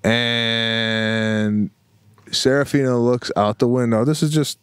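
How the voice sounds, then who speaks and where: Slow, laid-back male podcast co-host. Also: mid-range voice, flat delivery, a bit bright, clean tone, dry recording, studio quality. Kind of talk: casual chat.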